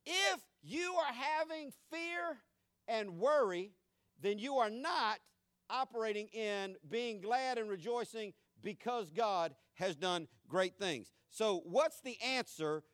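High-voiced male pastor preaching. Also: lively intonation, slow pace, a bit bright, smooth, no echo, clean studio sound. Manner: preacherly, swings from conversational asides to emphatic exhortation. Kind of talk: sermon.

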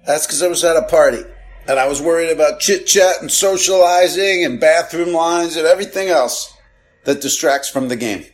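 A man's voice: on the high side, normal speed. A man hosting a podcast, talking casually in a rambling, digressive, self-deprecating monologue. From lives in Los Angeles. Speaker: podcast host.

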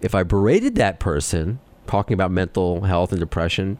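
A man with a New York accent hosting a podcast, talking fast and excitably as he rants. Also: low voice. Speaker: podcast host. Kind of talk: casual chat.

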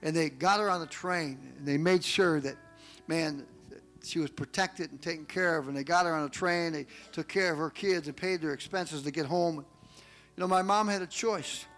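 High-voiced preacher telling a story. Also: male voice, moderate pace, soft background music. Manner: animated storytelling, acts out quotes. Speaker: pastor. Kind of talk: sermon.

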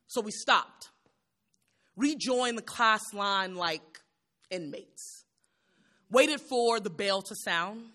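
A woman's voice: medium pitch, pushed and bright. A woman poet performing spoken word, rhythmic and bold, with repeated refrains and a raw, humorous edge.

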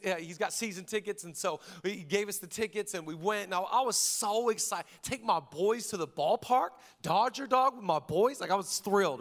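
A man in his thirties preaching with a high, light voice. He tells family stories with lively, jokey energy and acts out the people in them, then drops to a hushed, earnest tone to pray. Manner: lively, jokey storytelling with exaggerated quoted voices. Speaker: pastor. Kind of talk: sermon with prayer and storytelling.

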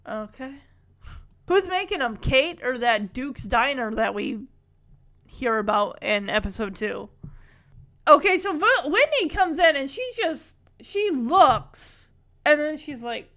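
Woman recapper, fairly high voice, unhurried and chatty, quotes the scenes in character. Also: lively intonation, fairly bright tone. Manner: chatty, acts out lines from scenes. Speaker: show recapper. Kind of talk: casual recap chat.

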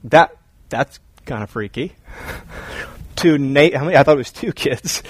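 Pastor guy preaching, high voice, jokey and animated, dry sound. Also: fairly quick, no room sound, poor audio. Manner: animated, joking, acts out scenes. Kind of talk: sermon.

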